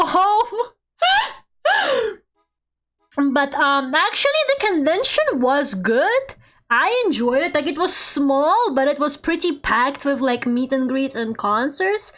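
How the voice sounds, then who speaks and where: A woman streamer chatting casually while she draws, laughing often and swearing offhandedly. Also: a little high. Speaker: VTuber streamer.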